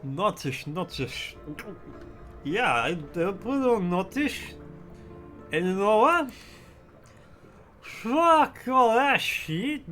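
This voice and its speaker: A gruff, self-pitying middle-aged father sunk in drink and grief, as a man puts him on. He sounds sour and worn, with faint music behind him. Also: high voice, fairly bright tone, voice pushed up, full character voice. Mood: slurring drunk.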